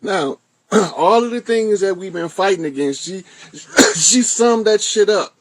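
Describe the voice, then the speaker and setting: A man's voice: high-pitched, measured pace, no echo. A man with a Southern US accent hosting, giving casual, profane commentary on a clip he plays. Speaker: host.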